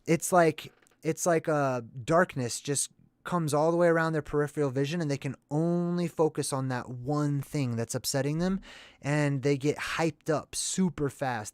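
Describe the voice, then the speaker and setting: A man hosting a casual movie commentary video, talking in a chatty, excitable and rambling way. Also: a little high, moderate pace, clear, resonant tone, dry recording, clean studio sound.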